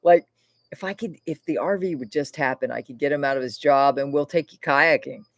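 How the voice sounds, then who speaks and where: A woman's voice: low-pitched, brisk, dry recording. A woman from Florida hosting a casual livestream, rambling and chatty and swearing freely. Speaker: livestream host.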